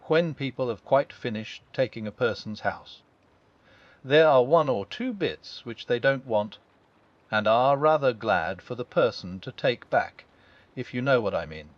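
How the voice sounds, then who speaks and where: A melancholy old donkey with a sardonic, slow and mournful way of speaking, as a male reader puts him on. The pitch swings about more than a flat drone would. The recording is dull and lo-fi. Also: natural voice. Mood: gloomy. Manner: slow, mournful, low-voiced. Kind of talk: storybook reading.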